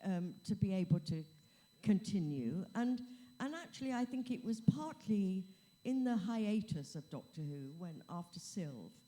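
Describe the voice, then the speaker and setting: A woman's voice: medium pitch, very animated, a little slow, mellow. A woman speaking on a convention panel, thoughtful and a little hesitant. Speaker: convention panel guest, actress. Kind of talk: casual panel talk. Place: convention hall stage.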